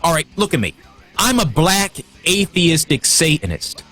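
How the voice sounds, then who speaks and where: A man's voice: a little high, big pitch swings, moderate pace, pushed and bright, faint music behind. A man hosting a livestream, heated and profane, stumbling over restarts as he gets worked up. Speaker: livestream host. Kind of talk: casual livestream rant.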